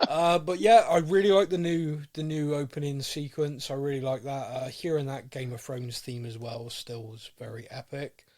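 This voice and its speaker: A man's voice: medium pitch, little pitch movement, moderate pace, hardly any pauses, a little mellow. A man co-hosting a podcast, chatting in a casual, rambling and enthusiastic way. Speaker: podcast co-host. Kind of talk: casual chat.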